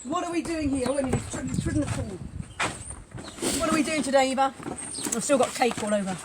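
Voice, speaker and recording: A woman's voice: high voice, fairly quick. A Welsh woman hosting a church craft session, chatting playfully and joking at her own expense as she works. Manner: chatty and playful, laughs at herself. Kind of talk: casual craft demonstration. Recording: noisy room with hammering behind. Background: hammering noise.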